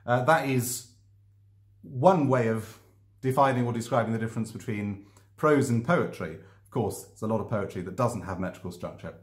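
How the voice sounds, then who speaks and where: A man's voice: mid-range voice, normal speed. A man talking about his own writing to camera, thoughtful and hesitant, with many ums and restarts. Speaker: author discussing his writing. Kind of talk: casual explanatory vlog. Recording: echoey room.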